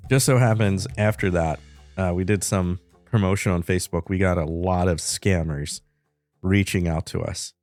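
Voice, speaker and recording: A man with a very deep voice co-hosts a podcast, laying things out in a dry, matter-of-fact way. Faint music runs under his close, dry-sounding voice. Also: no echo. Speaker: podcast co-host. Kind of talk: casual podcast banter.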